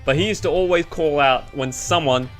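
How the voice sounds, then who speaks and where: A man's voice: on the high side, normal speed. A young Australian man giving rambling, goofy and self-deprecating gameplay commentary over faint game music. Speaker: gaming YouTuber.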